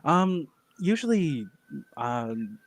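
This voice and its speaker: A man's voice: on the high side, very animated, very slow, slight background noise. Teasing man in crude banter. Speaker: stream co-host guest. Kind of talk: casual chat.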